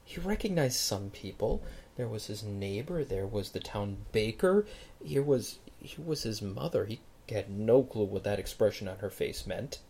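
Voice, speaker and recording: Role: preacher. Style: storytelling sermon. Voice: husky, very expressive pitch. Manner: dramatic, moving between hushed and loud. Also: moderate pace.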